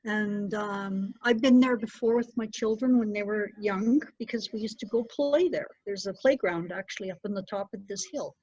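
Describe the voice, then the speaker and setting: A middle-aged woman, a storyteller, recounting a personal story with animated delivery. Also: medium pitch, normal speed, few pauses, husky, no room sound. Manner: animated, lively retelling with acted-out quotes. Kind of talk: personal storytelling to a small group. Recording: dull, muffled dry recording.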